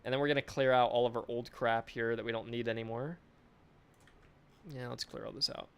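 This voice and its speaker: A man of middle pitch talking his way through editing work on a live stream. He is chatty and loose, pokes fun at himself and swears in passing, close to his desk microphone. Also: flat delivery, fairly quick, clear, resonant tone. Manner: chatty, self-mocking, swears offhandedly. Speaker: game developer. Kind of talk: casual live-stream commentary.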